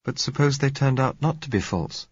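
A man reading a quiet, earnest girl under twenty, who speaks softly and a little unsteadily, pleading. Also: medium pitch, expressive, moderate pace, husky, no echo, muffled recording, voice pushed up.

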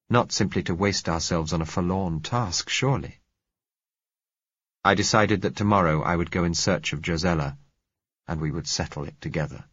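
A man narrating a novel in the first person, measured and reflective. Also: low voice, a bit bright, breathy edge, no room sound, highs cut off. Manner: measured, reflective, rising in heated dialogue. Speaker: audiobook narrator.

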